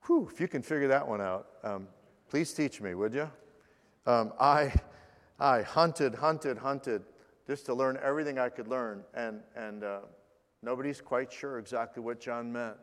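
A man preaching a sermon as pastor, earnest, slowing down for scripture and dropping to a hush in prayer. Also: mid-range voice, big-room sound.

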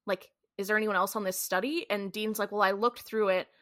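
A woman's voice: medium pitch, fairly even intonation, fairly quick, a bit bright, no echo, studio quality. A woman co-hosting a podcast, casually recapping a TV episode and acting out the characters' lines. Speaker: podcast co-host.

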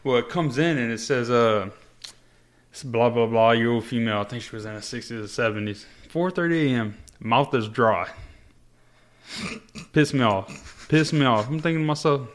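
A man's voice: medium pitch, moderate pace. A man hosting a casual interview, a former paramedic telling stories in a loose, laid-back way with lots of fillers and swearing. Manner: laid-back storyteller, frequent fillers and profanity. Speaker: podcast host, former paramedic.

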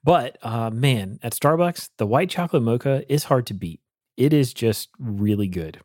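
A man's voice: medium pitch, expressive, moderate pace, a little mellow, no echo, clean studio sound. A man co-hosting a casual talk show, light and self-deprecating. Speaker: podcast co-host. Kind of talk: casual chat.

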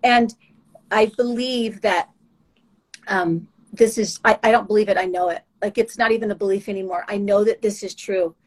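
A woman giving a heartfelt, earnest faith testimony, emotional and halting with restarts. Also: medium pitch, fairly even intonation, poor audio. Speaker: guest sharing faith testimony.

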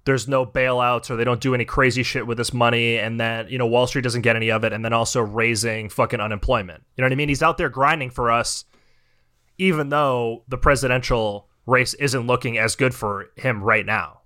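A man's voice: medium pitch, steady tone, brisk, bright, forceful tone. A young man hosting a podcast, ranting in heated, profane casual chat. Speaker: podcast host.

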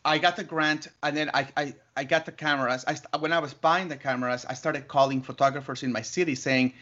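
A man telling his story as an interview guest, lively, laughing often and acting out other voices. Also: fairly high pitch, a little fast. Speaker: interview guest, wedding photographer. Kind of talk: animated storytelling. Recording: muffled lo-fi audio.

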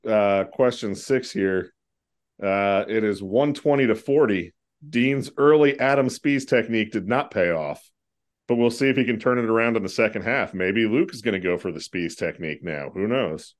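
A man's voice: fairly low pitch, moderate pace. A man hosting a casual trivia podcast, joking around and swearing now and then. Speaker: quiz host.

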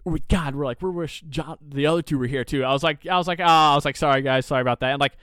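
A young adult man co-hosting a podcast, telling a story in a rambling, profane, animated way. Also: on the high side, rapid-fire, clear, resonant tone, no room sound, clean studio sound. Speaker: podcast co-host. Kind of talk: casual chat, storytelling.

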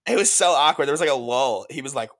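A man in his early twenties chatting casually on a podcast, telling stories in a laid-back way with quick asides. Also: mid-range voice, a bit bright, no room sound, clean studio sound. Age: 20s. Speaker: podcast co-host. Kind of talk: casual chat.

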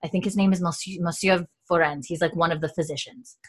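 A woman's voice: fast, husky. A woman hosting a casual chat, animatedly retelling TV scenes and quoting the characters. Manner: animated storyteller, quoting characters in a lowered voice, laughs often. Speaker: podcast host recapping a TV episode.

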